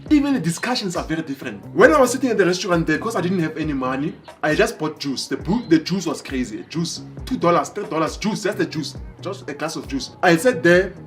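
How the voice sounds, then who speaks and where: A man telling motivational stories in an animated way, breaking into excited exclamations. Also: fairly high pitch, fast talker, few pauses, faint music behind. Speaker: motivational speaker. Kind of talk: motivational storytelling.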